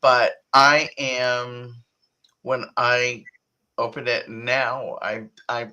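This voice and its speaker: A woman being interviewed as an author, answering in a halting way with restarts and laughs as she talks. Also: extremely low pitch, flat delivery, sharp tone, rough recording. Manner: halting, many restarts and fillers, laughs while talking. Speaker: author and guest.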